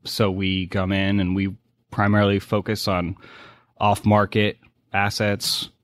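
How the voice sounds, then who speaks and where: A man's voice: on the low side, monotone, dry recording. A man in his forties from Boston with a faint New England accent, a podcast guest telling stories in casual chat. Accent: faint New England, mostly masked. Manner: storytelling, quick asides.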